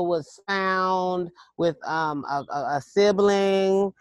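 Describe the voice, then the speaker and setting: A woman's voice: on the low side, drawn-out words, smooth, no room sound, lo-fi sound. Chatty woman telling a rambling story. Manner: chatty, rambling, emphatic, with many restarts. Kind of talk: casual storytelling to listeners.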